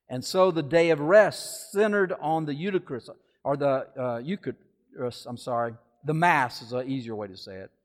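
Preacher in a long-echoing hall. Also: male voice, fairly high pitch. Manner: conversational, with asides and self-corrections. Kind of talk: sermon.

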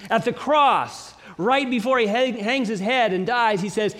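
High-voiced male preacher in a reverberant hall. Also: fairly bright tone. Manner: preaching with dramatic swells and slow emphatic pauses. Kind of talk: sermon.

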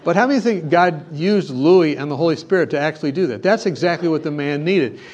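A male preacher with a somewhat high-pitched voice delivers a sermon. He tells a story with lively animation. He then shifts into emphatic exhortation. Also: brisk, muffled recording. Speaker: pastor.

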